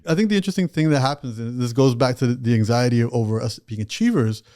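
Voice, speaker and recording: A man's voice: medium pitch, quick pace, mellow. A man who is an author and a podcast guest, talking in a reflective way and explaining ideas with examples. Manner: reflective storyteller who uses examples and analogies. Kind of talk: podcast conversation.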